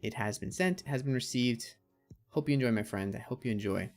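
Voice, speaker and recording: A man's voice: mid-range voice, fairly quick, creaky, a little mellow, faint music behind. A man hosting a casual crypto livestream, chatting and reading out viewer comments and answering them. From Canada.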